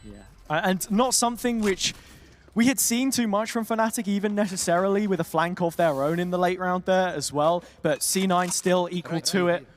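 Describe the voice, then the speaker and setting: A man doing fast play-by-play commentary on an esports match, his voice climbing on big plays. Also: high voice, fairly even intonation, a little hiss or hum. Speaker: esports caster.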